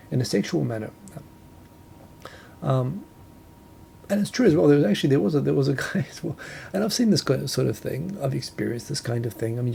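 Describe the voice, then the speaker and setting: Speaking from his home in Tokyo, a New Zealand man with a New Zealand accent runs a casual solo talk show, rambling, correcting himself and chuckling. His voice is medium-pitched and dark with vocal fry, with a little hiss or hum in the recording.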